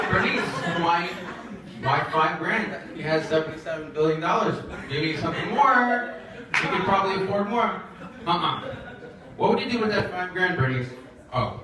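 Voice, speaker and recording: A young man doing a stand-up comedy set, telling stories in a rambling, halting way full of fillers, with an audience laughing. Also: fairly high pitch, expressive, a crowd in the background. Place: comedy event in a shared office space. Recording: echoey room from far off, audience laughter.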